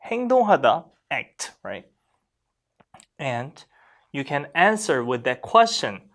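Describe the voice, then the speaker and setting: A Korean language teacher walks learners through grammar in an animated voice that rises and falls a lot. The teacher keeps checking in with quick questions and says the example phrases carefully so they can be copied. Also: medium pitch. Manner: models Korean phrases slowly for learners to repeat; lively, questioning classroom delivery.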